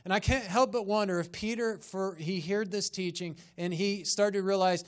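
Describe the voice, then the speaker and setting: A man's voice: sits high, normal speed, few pauses. A man, a pastor, preaching a sermon and pressing his congregation with rhetorical questions and rising emphasis in a church sanctuary.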